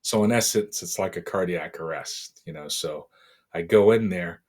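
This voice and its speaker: A middle-aged man from Boston, a podcast guest, telling a painful personal story in a halting, emotional way with many fillers. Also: low voice, a little mellow. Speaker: interview guest.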